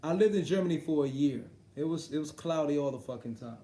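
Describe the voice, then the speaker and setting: A man with a slightly high voice chats on a live stream, swearing freely and breaking into laughter. He talks directly to his viewers as if they are in the room. The sound carries a noticeable roomy echo. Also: animated, fast, dark tone. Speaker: sports talk streamer. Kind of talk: casual livestream chat about boxing.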